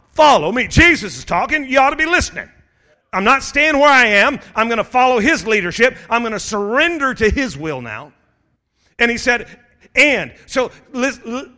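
A middle-aged male pastor preaches with a high-pitched voice. He presses his listeners with urgent calls and builds to shouted exhortations. His tone is bright and forceful. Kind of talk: sermon.

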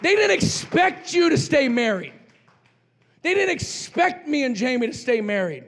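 An older pastor from New Mexico preaches a revival sermon with a very high, gravelly voice. He drives home his points with repeated declarations that often break into shouts. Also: very animated, moderate pace, a faint crowd. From New Mexico, USA.

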